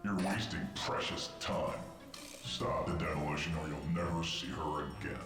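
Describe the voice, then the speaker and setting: A menacing game villain taunts in a distorted, threatening tone. The voice sits extremely low and booms with a strong echo. Loud game music plays beneath it. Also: male voice, moderate pace. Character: menacing disguised male villain on the phone. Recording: echoey game audio with music.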